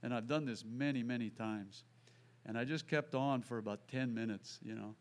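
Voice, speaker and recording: Man, gravelly, storytelling, acts out voices, contractor. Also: mid-range voice, moderate pace. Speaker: contractor sharing a testimony. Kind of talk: storytelling testimony.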